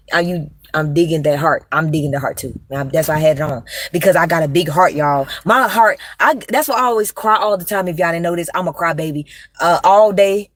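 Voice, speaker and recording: On a dry recording, a young woman with a lowish, expressive voice talks at a quick pace. She's doing casual livestream chat, rambling along emphatically, swearing and slinging slang, and opening up directly to her audience.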